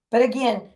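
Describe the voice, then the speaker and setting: A woman hosting a livestream, ranting in a heated, profane and confrontational way at people in her chat. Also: a little mellow. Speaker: livestream host. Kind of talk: angry livestream rant.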